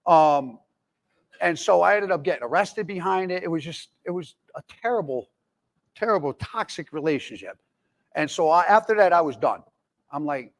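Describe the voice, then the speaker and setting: A man's voice: on the high side, animated, moderate pace. A man in his forties telling his own recovery story candidly, rambling with many fillers and restarts. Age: 40s. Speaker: speaker in recovery. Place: jail, indoors.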